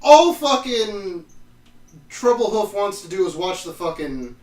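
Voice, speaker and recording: Brief: high-pitched guy on a podcast, rambling and cursing, in an echoey room a bit off the mic. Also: sing-song, measured pace, a little mellow, recorded from a distance. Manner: rambling, swears often, trails off mid-sentence. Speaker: podcast co-host. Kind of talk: casual chat recapping episodes.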